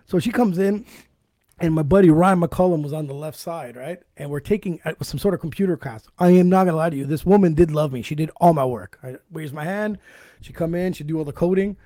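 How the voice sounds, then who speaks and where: Male podcast host with a slightly high voice and a dry, close sound, crude and animated. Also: fairly quick, dry recording. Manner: crude, swearing, animated storyteller. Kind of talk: casual storytelling chat.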